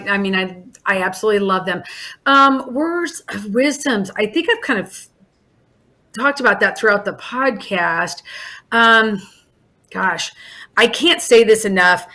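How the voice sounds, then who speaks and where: Speaking with a medium pitch, this Alaskan woman in her forties talks about running her in-home daycare during a relaxed podcast interview. Her manner is friendly and chatty, full of fillers and false starts.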